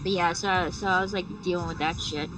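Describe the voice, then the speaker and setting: A game streamer with a lowish voice talks a little fast in fairly even tones, feeling sick with a sore throat. Her casual live-stream chat rambles, is full of swearing and fillers, and comes through a distant mic with music playing.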